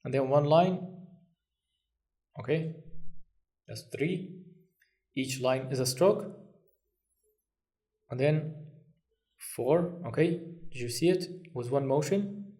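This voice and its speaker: A man's voice: medium pitch, takes it slowly, long pauses, dark tone. A man teaching a language lesson, patient and reassuring, counting strokes aloud as he writes. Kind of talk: step-by-step lesson.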